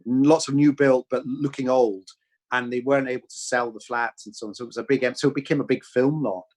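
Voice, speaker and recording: A man's voice: mid-range voice, fairly even intonation, a little fast. A man, a film director, talking through his process in a thoughtful, rambling way with many restarts. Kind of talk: reflective Q&A chat.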